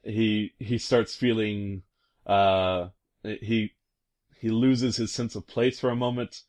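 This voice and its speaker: A man's voice: on the low side, steady tone, slow, a little mellow. A man casually retelling a video game scene, rambling and hesitant, full of fillers and amused asides. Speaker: commentator recounting a video game.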